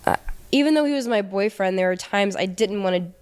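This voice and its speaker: A young woman, a guest in an interview, telling a personal story in a hesitant, halting way. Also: medium pitch, a little mellow, clear, resonant tone. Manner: hesitant, halting, many fillers.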